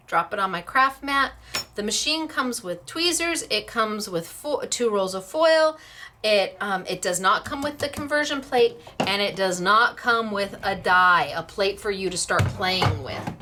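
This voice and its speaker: A woman's voice: fairly high pitch, pushed and bright, a little hiss or hum. A woman hosting a casual craft demonstration, chatty and upbeat, laughing easily as she works. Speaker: craft shop host.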